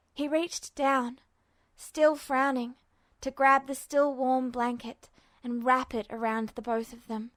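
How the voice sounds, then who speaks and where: A woman reading a fanfiction story aloud as a podfic, with steady, measured narration. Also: on the high side, no echo. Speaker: podfic reader.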